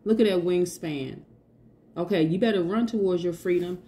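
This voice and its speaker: A woman's voice: on the low side, normal speed, warm tone, slight background noise. A woman giving a casual tarot reading, chatty and emphatic, repeating her points and laughing often. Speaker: tarot reader.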